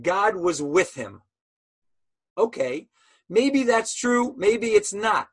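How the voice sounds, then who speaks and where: A man's voice: high-pitched, sing-song, slow, husky. A man teaching a Torah lesson as a sermon, telling stories animatedly and asking rhetorical questions.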